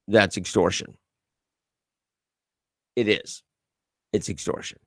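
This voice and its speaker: Male host, casual sarcastic commentary, animated delivery, dead dry room. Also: medium pitch, slow, long pauses, no echo. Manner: sarcastic, reads viewer comments and news aloud. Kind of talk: casual live-stream commentary.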